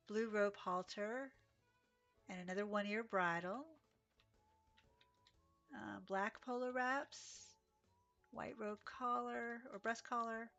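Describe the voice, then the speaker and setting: A woman's voice: mid-range voice, a bit bright. A woman live-streaming a horse game, chatting casually with viewers, sleepy and yawning, with little gasps and exclamations. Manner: chatty, reads chat aloud, gasps and exclaims.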